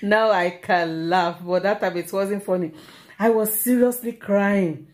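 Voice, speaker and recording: A middle-aged Nigerian woman vlogging, telling a personal story in an animated, exclamatory way and repeating herself for emphasis. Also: medium pitch, a little slow. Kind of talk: casual storytelling to camera.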